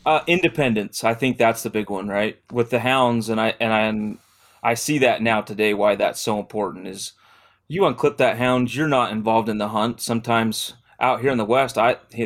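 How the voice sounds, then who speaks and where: Brief: relaxed lower-voiced man, podcast guest trainer, easygoing rambler. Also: brisk. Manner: laid-back, rambling, laughs often. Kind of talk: casual chat.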